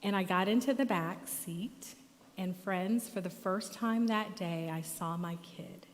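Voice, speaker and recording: Brief: middle-aged woman speaker, animated storyteller, mid-pitched voice, long hall reverb. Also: a little slow. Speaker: guest speaker and therapist. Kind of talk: storytelling talk at church. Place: church auditorium.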